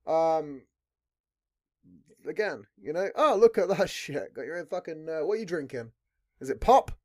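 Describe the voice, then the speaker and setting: A man talking loosely on his own podcast, his pitch bouncing all over as he rambles. He swears in nearly every sentence and keeps looping back on his own thoughts. The tone is an easygoing, unscripted chat between friends. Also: normal speed. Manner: swears constantly, rambling, lively. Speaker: podcast host. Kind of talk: casual chat.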